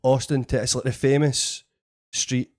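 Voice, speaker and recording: A man's voice: mid-range voice, measured pace. Scottish man telling a swearing story. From Scotland. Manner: swears a lot, animated storyteller. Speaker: podcast host and comedian. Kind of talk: casual storytelling chat.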